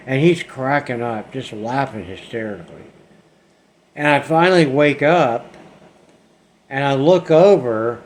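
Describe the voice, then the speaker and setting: A man hosting his own channel, telling his paranormal experiences in a plain, casual way that often trails off quietly. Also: mid-range voice. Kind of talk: casual first-person storytelling. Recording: faint background noise.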